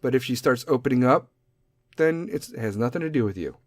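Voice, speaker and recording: A man's voice: medium pitch, lively intonation, brisk, a little mellow, no room sound. Guy doing a solo podcast rant, swears a ton, rambly and jokey, dry sound. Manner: profane, rambling, joking. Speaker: podcast host.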